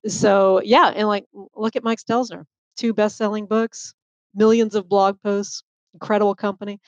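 A woman's voice: medium pitch, moderate pace, no room sound, muffled recording. Chatty woman author, faint Boston accent. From Boston area. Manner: animated, chatty, many fillers. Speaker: author and guest. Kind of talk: podcast interview.

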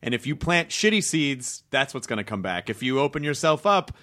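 A man hosting a casual conversation, relaxed and loose, swearing freely. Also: mid-range voice, a little fast. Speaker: podcast host.

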